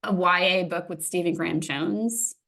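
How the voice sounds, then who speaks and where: Female interviewer with a bright, crisp voice, brisk friendly questions. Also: on the low side. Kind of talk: casual conversation.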